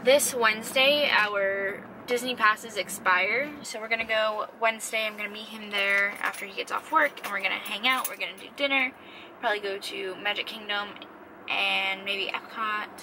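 A woman's voice: mid-range voice, fairly even intonation, normal speed, background noise. A young woman vlogging in a casual, rambling, self-deprecating way, sounding tired and drained. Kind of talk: casual vlog chat. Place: car and home.

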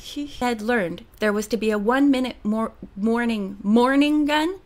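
A woman's voice: on the high side, moderate pace, few pauses, slight background noise. A woman reading a mystery novel aloud in outtakes, tripping over words, giggling and teasing her own slips. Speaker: audiobook reader.

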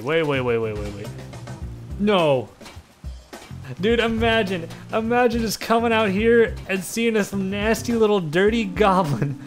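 Excitable man, let's play commentary, yelling, swearing, fairly high voice, game music behind. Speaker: gaming video creator.

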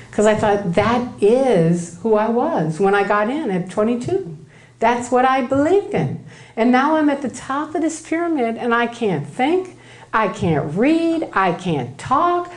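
Brief: woman speaker, lively first-person storytelling talk, mid-range pitch, acts out quotes, keeps checking in with "right?". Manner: animated, acts out quoted voices, tags lines with "right?". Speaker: speaker giving a public talk.

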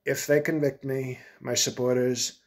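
A man's voice: medium pitch, level tone, a little slow. A man doing a comedic impression of a boastful older male ex-president who rambles and repeats himself. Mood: blustering. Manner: rambling, repetitive, self-aggrandizing.

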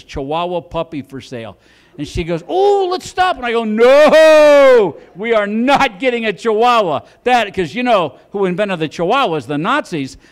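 A middle-aged man doing stand-up on a club stage, telling a rambling story with lots of stammered restarts. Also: fairly high pitch. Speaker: stand-up comedian.

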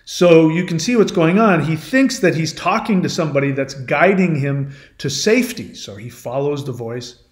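A man with a fairly high voice tells an old myth as a lesson, chatty and explanatory. He turns often to the listener to draw out the point. His voice rings in a roomy, echoing space. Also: lively intonation, normal speed. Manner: conversational, explanatory asides to the listener. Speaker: channel host. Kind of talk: storytelling, retelling a myth as a lesson. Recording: roomy echo.

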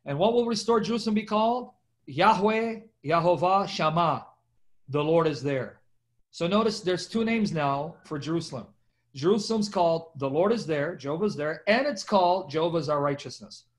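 A man teaching a Bible class in an animated, emphatic way, speaking over a video call and addressing his viewers directly. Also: a little high, normal speed. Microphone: video call microphone.

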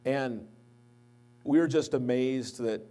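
A slow, mid-range male voice, probably a pastor, delivers a eulogy at a church memorial service in the sanctuary. He tells anecdotes and grows lively whenever he quotes other people.

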